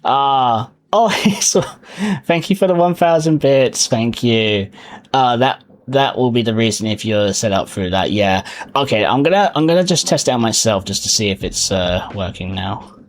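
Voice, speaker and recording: A male streamer talks casually to his viewers, his mid-pitched voice bouncing up and down with lively swings. He is chatty and quick to laugh. Soft music plays faintly underneath. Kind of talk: casual live-stream chat.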